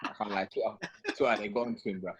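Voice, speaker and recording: A man's voice: fairly low pitch, fairly even intonation, very fast. A man co-hosting a podcast, bringing up news items in slangy chat. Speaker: podcast co-host. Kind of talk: casual chat.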